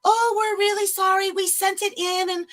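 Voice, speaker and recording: A meek, stammering receptionist, put on by a woman in a high, bright, mousy voice. She falters and repeats herself, unsure of every answer. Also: level tone, normal speed. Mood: apologetic. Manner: stammering, hesitant.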